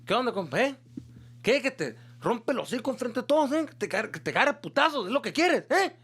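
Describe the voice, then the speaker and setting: Man playing his furious yelling dad. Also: very high voice, big pitch swings, fast talker, breathy edge, pitched above the performer's own voice, heavily acted. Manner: yelling, cursing in Spanish. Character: angry middle-aged Mexican dad yelling at his son.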